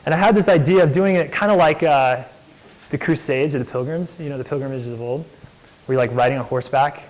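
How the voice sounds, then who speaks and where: In a lecture hall, this young entrepreneur talks quickly in a mid-range voice, sharing stories with chatty enthusiasm and plenty of "like" fillers. The recording sounds rough.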